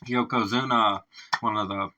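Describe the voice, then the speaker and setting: A man's voice: fairly low pitch, fairly even intonation, moderate pace, sharp tone, lo-fi sound. A man hosting a reaction video in casual commentary, swearing, laughing often and marveling aloud at the lyrics.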